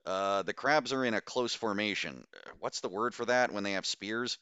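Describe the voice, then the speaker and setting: A blunt scout with a rifle makes dry, matter-of-fact remarks, as a man reads the part in an audiobook. The voice is low and forceful. It sounds dry and close. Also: normal speed, clean tone, dry recording, highs cut off. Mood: tense.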